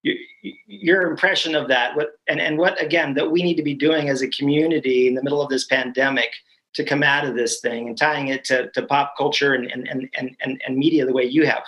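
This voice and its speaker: A man's voice: mid-range voice, fairly even intonation, a little fast, fairly bright tone, low-quality recording. Give me a friendly, rambling male host. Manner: friendly, rambling with many restarts. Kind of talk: casual panel discussion.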